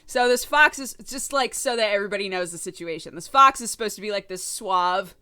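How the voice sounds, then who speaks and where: Bright, chatty woman streamer. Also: medium pitch, lively intonation, fairly quick, clear, resonant tone. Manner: chatty, self-deprecating, laughing often. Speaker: game streamer. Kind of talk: casual live-stream chat while playing.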